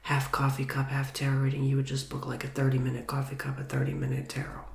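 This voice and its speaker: A man speaking in a soft whisper as an ASMR tarot reader, with a nasal, slightly stuffy voice from a recent illness and a casual manner full of fillers. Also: medium pitch, monotone, quick pace, creaky, roomy sound.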